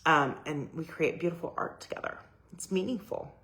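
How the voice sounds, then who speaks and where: A middle-aged woman with a notably low voice talks about her photography in a loose, rambling way. She gushes and fills her talk with fillers and restarts. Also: normal speed, fairly bright tone. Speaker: boudoir photographer. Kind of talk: casual personal talk to camera.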